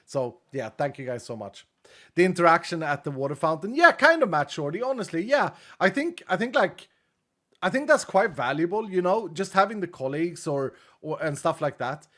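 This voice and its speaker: A man's voice: sing-song, moderate pace, fairly bright tone. A male streamer chatting casually and thanking viewers, his voice held back and subdued because an injured rib keeps him from pushing it. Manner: low-key, chatty, thanks viewers one after another. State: subdued, unable to push his voice from a cracked rib. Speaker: streamer reading out donations. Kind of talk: casual livestream chat.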